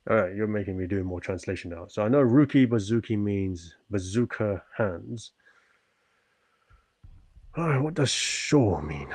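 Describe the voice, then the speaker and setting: A UK man with a lowish, darkish voice chats on his livestream after stretching, with no room sound. He answers viewers politely and earnestly, thanks them often, and keeps talking as he stretches and works out.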